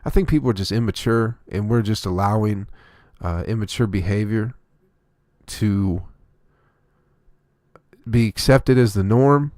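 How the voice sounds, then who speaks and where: A man's voice: fairly low pitch, a little slow, long pauses, darkish tone, dry recording. A man hosting his own comedy podcast, delivering a rambling, profane, opinionated solo rant.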